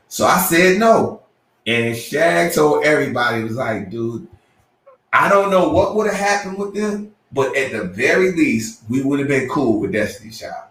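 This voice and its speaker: A man co-hosting a podcast, telling a story with lively acted-out quotes and sudden jumps in pitch. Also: normal speed, far from the mic. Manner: excitable, acts out quotes with big pitch jumps. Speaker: podcast co-host. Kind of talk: animated storytelling. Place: room at a live podcast show. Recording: roomy, from off the mic.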